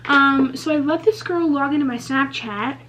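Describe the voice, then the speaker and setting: High-voiced young woman chatting candidly. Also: normal speed, a bit bright. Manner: chatty, candid, swears freely, lots of "like" and "um". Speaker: beauty vlogger. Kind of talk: casual get-ready-with-me Q&A chat. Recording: slightly muffled lo-fi recording.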